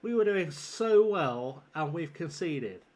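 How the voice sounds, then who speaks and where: A man's voice: on the high side, lively intonation, slow pace, a little mellow. A young man streaming a game, chatting casually in a rambling, self-deprecating way and chuckling often. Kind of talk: casual gaming livestream chat.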